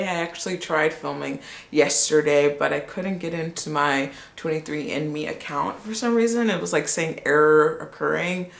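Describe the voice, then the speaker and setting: A woman vlogging casually, excitable and gushing as she reads her results aloud. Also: deep voice, normal speed, creaky, few pauses, echoey room.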